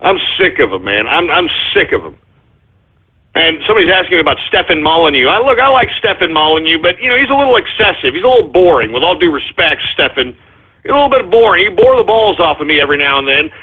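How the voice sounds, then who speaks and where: A man hosts his radio show in a fuming, profane rant that keeps circling back on itself. His voice sits high and comes out husky. The sound is thin and boxy, like a phone call. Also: big pitch swings, fast talker. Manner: angry, profane, repetitive ranting. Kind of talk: ranting call-in radio monologue. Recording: muffled phone-line audio.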